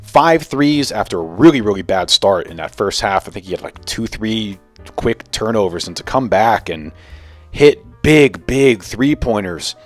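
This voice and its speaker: A man's voice: lowish voice, lively intonation, a little slow, soft background music. A young man hosting a casual sports commentary vlog, opinionated and ranting about the game. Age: young adult. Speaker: sports video host.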